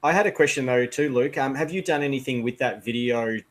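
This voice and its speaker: A man co-hosts an online chat over a video call and talks at a fast clip. He keeps it practical and plain. His pitch sits in the middle. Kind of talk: casual chat.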